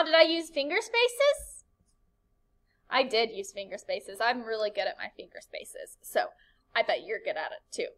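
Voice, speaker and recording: A woman's voice: high-pitched, a bit bright, rough recording. A woman teacher giving a recorded writing lesson to young children, upbeat and encouraging, asking the class questions.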